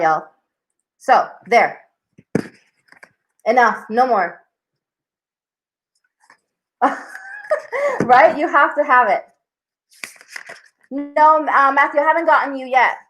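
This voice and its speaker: A woman's voice: high-pitched, a bit bright, poor audio. A young woman hosting a live tarot stream, chatting casually with viewers in a bubbly, scattered way and saying "y'all" a lot.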